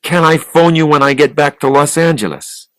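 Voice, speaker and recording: A man reading the lines of a tired younger man who speaks softly and hesitantly. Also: a little high, moderate pace, no room sound, voice pushed up, natural voice. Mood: earnest. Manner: soft, hesitant.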